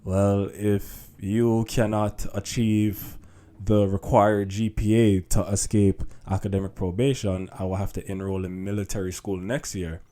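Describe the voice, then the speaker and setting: Fields: Voice: a man quoting a stern father. Delivery: slow and measured. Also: lowish voice, little pitch movement, dark tone, natural voice. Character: stern father issuing an ultimatum.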